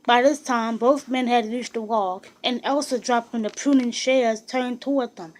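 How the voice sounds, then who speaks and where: Woman, audiobook narrator, steady storytelling, somewhat high voice, occasional restarts. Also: moderate pace, few pauses, rough recording. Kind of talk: audiobook reading of a biography.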